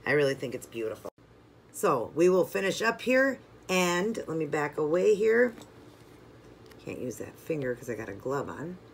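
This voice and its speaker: A nail art channel host talking viewers through each step of a toe design while working, chatty and relaxed, sometimes drifting away from the mic. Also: mid-range voice, moderate pace, gravelly, slight background noise. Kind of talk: step-by-step craft tutorial.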